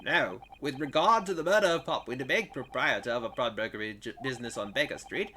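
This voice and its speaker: A man's voice: mid-range voice, animated, fast talker, pushed and bright, slight background noise. A man voicing a pompous, stern older British judge in a game playthrough, with formal, grandiloquent courtroom speech. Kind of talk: video game voice-over playthrough.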